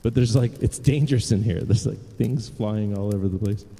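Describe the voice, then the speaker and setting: A man's voice: on the low side, normal speed, gravelly, warm tone, big-room sound. A man chatting casually and rambling to live viewers from his home music studio. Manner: rambling, chatty, self-deprecating.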